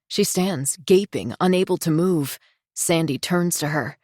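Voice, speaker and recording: A woman reading a thriller audiobook in a tense, measured storytelling voice. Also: lowish voice, a little mellow, dry recording, studio quality. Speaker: audiobook narrator. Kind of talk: scripted thriller narration.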